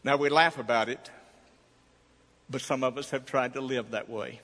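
A man's voice: mid-range voice, steady tone, normal speed, fairly bright tone, in a large hall. A man preaching a sermon, telling a personal story in a folksy way and acting out its dialogue. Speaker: pastor.

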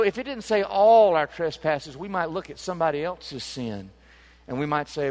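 A man preaching a sermon as pastor, fervent and emphatic, rising to near-shouting in his excitement. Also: fairly high pitch, moderate pace.

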